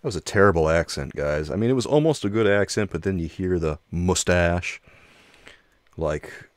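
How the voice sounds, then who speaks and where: A chatty American man talks through a game and jokes with his viewers. His voice is low and dry, with no room around it. He keeps the commentary loose and playful. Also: animated, normal speed, no room sound. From United States. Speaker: let's play host. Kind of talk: casual gameplay commentary.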